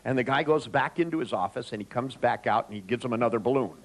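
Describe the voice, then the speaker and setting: On a rough recording, a man talks fast at medium pitch during a live seminar. He speaks right to the audience, joking and spinning lively anecdotes.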